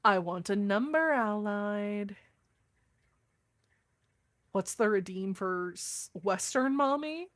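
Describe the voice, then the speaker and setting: A woman's voice: mid-range voice, lively intonation, slow, long pauses, no room sound, studio quality. An American woman streamer in casual chat with her viewers, on a streaming microphone. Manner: casual, chatty, talking to chat.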